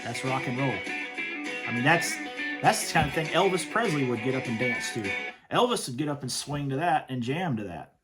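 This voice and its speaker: A man's voice: mid-range voice, animated, normal speed, loud music behind the voice. A man hosting a commentary show, talking in an emphatic, stern way and often repeating himself. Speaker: host reviewing worship music. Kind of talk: opinionated commentary.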